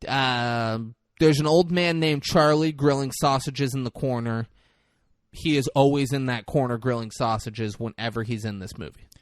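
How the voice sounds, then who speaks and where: A man co-hosting a podcast, casually retelling a film's scenes with animated delivery. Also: medium pitch, normal speed, no echo, studio quality. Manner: animated retelling with lively acted-out quotes. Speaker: podcast co-host recapping a film. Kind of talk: casual chat.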